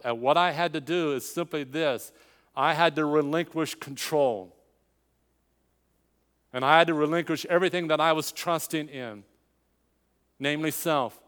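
A man's voice: on the high side, a bit bright, clean tone, big-room sound. An older man preaching a sermon, telling a personal story with quoted dialogue and building to emphatic climaxes.

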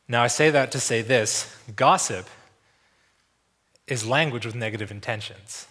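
A visiting preacher delivers a church sermon in a mid-range voice at a moderate pace, his tone bright and forceful. His delivery is casual and conversational, full of fillers and restarts, and he tells a story while acting out the voices of its characters.

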